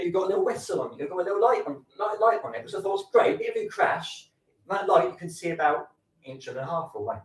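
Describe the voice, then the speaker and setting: A man doing camp, bawdy stand-up comedy on a stage, slipping into put-on voices for his stories. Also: medium pitch. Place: theatre stage at a fringe festival. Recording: echoey live room, voice from a distance.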